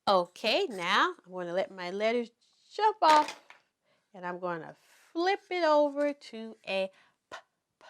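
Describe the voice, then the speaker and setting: A woman teaching toddlers to write letters in a slow, encouraging preschool circle-time manner. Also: mid-range voice, big pitch swings, fairly bright tone. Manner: slow, sing-song and encouraging, speaking to toddlers. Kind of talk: children's circle-time lesson.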